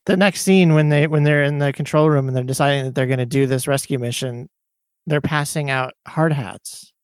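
A man's voice: a little high, fairly even intonation, normal speed, clear, resonant tone, no room sound. A man co-hosting a podcast, casually and skeptically retelling movie scenes. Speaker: podcast co-host. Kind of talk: casual chat.

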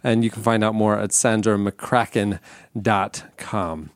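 A man's voice: lowish voice, fairly even intonation, a little slow, dry recording, studio quality. A man hosting a podcast, chatting casually with laughs and reading the outro plugs with lots of fillers. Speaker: podcast host.

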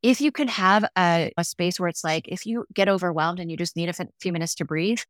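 A woman's voice: fairly low pitch, brisk, dry recording. Earnest woman, very dry close sound. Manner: earnest, often ends points with "right?". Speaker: podcast guest, grief educator. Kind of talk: conversational interview.

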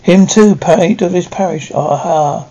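A man voicing a threatening, rough escaped convict in a read-aloud story. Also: high voice, a little slow, warm tone, lo-fi sound, heavily acted. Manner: threatening, gruff commands.

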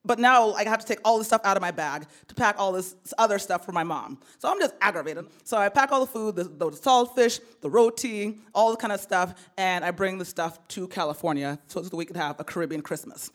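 Animated woman telling a story. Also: medium pitch, brisk, few pauses. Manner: animated, laughing, repeats words. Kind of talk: live first-person storytelling.

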